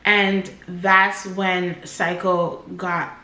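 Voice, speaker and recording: A woman's voice: lowish voice, little pitch movement, extremely slow, pushed and bright. A woman in her twenties telling a personal story as a casual storytime vlogger, talking in loose run-on sentences full of "like". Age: 20s. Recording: roomy echo.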